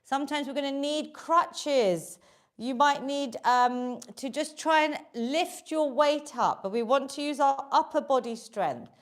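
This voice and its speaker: A woman's voice: high voice, a little slow. A middle-aged British woman leading a live online workout class, encouraging her students and cueing their breathing and counts. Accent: British English. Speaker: fitness instructor.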